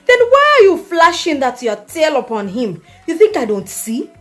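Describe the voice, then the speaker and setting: A woman's voice: high-pitched, sing-song, normal speed, faint music behind. A woman voicing a blunt, unbothered young Jamaican woman in a comedy skit, lecturing in a patois-laced, dismissive way.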